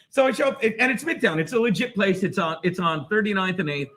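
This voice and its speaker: A man holds the floor on a live show, circling back with false starts and casual swearing. His voice sits high for a man. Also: lively intonation, fast, fairly bright tone. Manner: rambling, many restarts, swearing. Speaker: host. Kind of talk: casual storytelling on a live stream. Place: bar in New York City.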